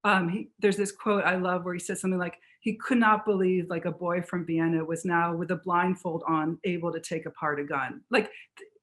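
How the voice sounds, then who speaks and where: A woman author in a book talk conversation, telling history in an animated, fast storytelling way with frequent restarts. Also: on the low side.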